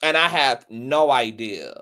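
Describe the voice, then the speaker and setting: A man comments on celebrity gossip with theatrical, mocking pity. His voice moves widely in pitch, and he speaks slowly, drawing out words and leaving dramatic pauses. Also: lively intonation, bright, forceful tone. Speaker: commentary channel host.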